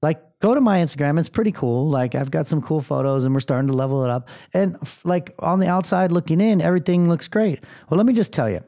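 Speaking quickly and expressively with hardly any pauses, a thirtysomething podcast host gives a blunt, rambling pep talk laced with swearing and filler words. His voice is fairly high in pitch but dark in tone.

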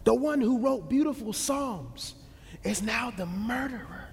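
A male preacher with a high, animated voice tells his sermon story, swinging from loud peaks to hushed lows. He speaks in a Black American vernacular style. The sound carries a long reverb. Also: a little slow, breathy edge.

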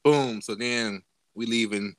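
A man's voice: mid-range voice, slow, a bit bright, dry recording. A man casually telling a profane story to friends on a podcast, acting out the people he quotes with big jumps in his voice. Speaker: podcast host.

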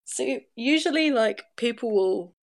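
A young woman with an English accent talks casually on a podcast, a gravelly edge running through her voice. Her voice sounds stuffed up and nasal from a lingering cold, and she laughs easily and makes light of herself. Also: on the high side, expressive, a little slow. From England. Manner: chatty, laughs often, self-deprecating. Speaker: podcast guest. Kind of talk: casual chat.

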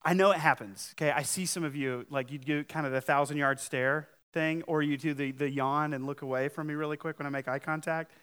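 High-voiced man preaching a sermon. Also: fairly even intonation, fairly quick, few pauses, clear, resonant tone. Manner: conversational, emphatic preaching with wide swings in loudness. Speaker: pastor.

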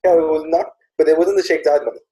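Male host, dark mellow tone, animated storyteller, acts out quotes. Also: a little high, fast talker, poor audio. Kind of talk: casual chat.

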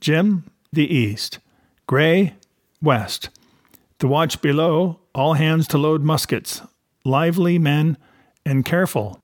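A man's voice: on the high side, slow pace, no room sound, studio quality. A man reading as a stern, clipped sea captain. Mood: commanding. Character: stern male ship's captain, curt and commanding.

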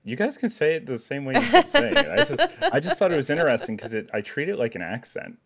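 A man's voice: on the high side, big pitch swings, fast, a crowd in the background. A man with a Western Canadian accent, chatting easily as a podcast guest and explaining things with a laugh. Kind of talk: casual chat.

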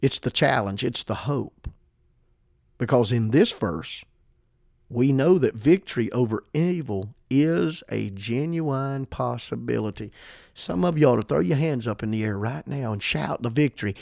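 A man's voice: medium pitch, animated, unhurried, vocal fry, a little mellow, no echo, clean studio sound. A man preaching a podcast sermon in an emphatic, fervent way, repeating words for emphasis.

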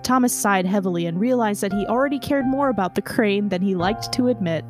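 A woman's voice: mid-range voice, a little fast, over music. A woman podcast host reading fan fiction aloud in a mock-dramatic way, prone to laughing. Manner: breaks into laughter, deadpan narration.

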